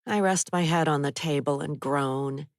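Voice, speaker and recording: A woman narrating a first-person thriller audiobook in a steady, even way on a close studio mic. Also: low-pitched, moderate pace, dry recording.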